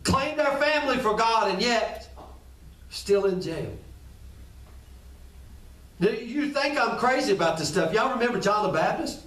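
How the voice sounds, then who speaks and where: A man's voice: very high voice, lively intonation, a little slow, long pauses, a bit bright. A man preaching a sermon as pastor, conversational, repeating phrases and speaking straight to his listeners. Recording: echoey room, distant from the mic.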